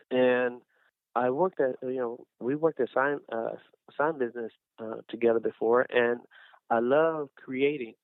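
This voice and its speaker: A man's voice: medium pitch, no room sound. A middle-aged man talks through his faith story in a loose, rambling way, full of restarts and fillers. His voice comes through thin and phone-like, with no room sound at all. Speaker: guest, small business owner. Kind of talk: casual faith testimony. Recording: dry, tinny phone-like sound.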